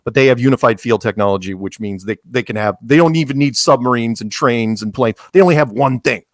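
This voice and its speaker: A man guest on a podcast, talking casually in an animated, joking way, with quick asides and frequent restarts. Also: mid-range voice, no room sound, clean studio sound.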